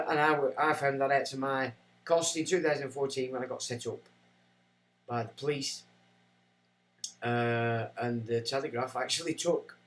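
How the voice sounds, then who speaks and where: A man's voice: mid-range voice, rough recording. A man hosting a livestream, rambling and self-mocking as he chats to viewers. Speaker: livestream host. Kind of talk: casual livestream chat.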